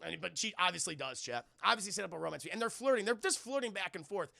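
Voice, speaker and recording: Male streamer, bright gravelly voice, animated recap on a dry close mic. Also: high-pitched, dry recording. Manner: animated, acts out lines in quick impressions, swears freely. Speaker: streamer reviewing a film. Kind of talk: casual spoiler recap to live chat.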